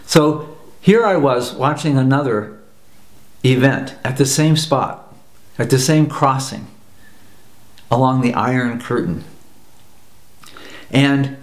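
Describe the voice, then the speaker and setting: A man from the United States telling a story in an earnest talk, repeating phrases for emphasis. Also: medium pitch. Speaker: personal growth teacher. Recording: roomy echo.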